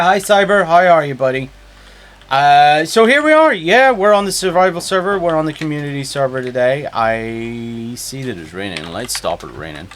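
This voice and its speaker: Animated man chatting on stream. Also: mid-range voice, slight background noise. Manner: animated, chatty, jumps between topics. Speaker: game streamer. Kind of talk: casual live-stream chat.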